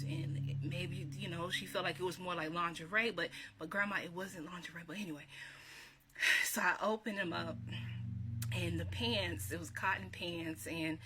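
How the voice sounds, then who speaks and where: A woman, chatting warmly and reminiscing, laughing often and repeating herself. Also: fairly low pitch, moderate pace. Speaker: vlogger. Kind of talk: casual encouraging talk. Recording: steady background hiss.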